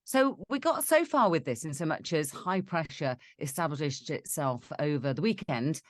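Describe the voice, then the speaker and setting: A British woman co-hosting a weather show, talking in a relaxed, conversational way. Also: low-pitched, moderate pace, dry recording. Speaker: weather presenter. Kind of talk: casual co-host chat.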